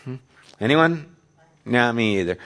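Man, pastor, sermon, chatty, questions the congregation, loud points and quiet low asides, mid-pitched voice. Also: animated, a little slow. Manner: conversational, asks the audience questions; swings between loud emphasis and soft, low asides.

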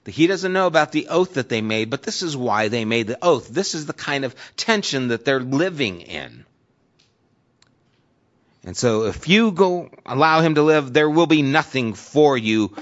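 Male pastor, middle-pitched voice, conversational sermon delivery with dramatic scripture reading, dull lo-fi recording. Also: lively intonation, normal speed.

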